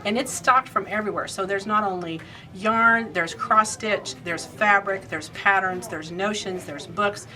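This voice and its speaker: A woman's voice: mid-range voice, a little slow, pushed and bright. A woman from Indiana hosting a casual shop update, chatty and rambling, laughing easily. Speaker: quilt shop owner and host.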